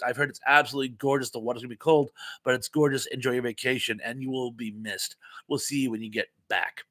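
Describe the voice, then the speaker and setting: A man's voice: medium pitch, sharp tone. A middle-aged man hosting a casual live chat from home, a rambling storyteller who repeats words and restarts. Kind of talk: casual live-stream chat reading viewer comments.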